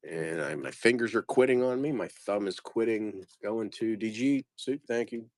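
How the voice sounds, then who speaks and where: A man's voice: on the low side, moderate pace, no room sound. A man casually talking through a lot of postcards, muttering place names one by one and trailing off. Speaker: postcard reseller. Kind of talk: casual commentary sorting postcard lots.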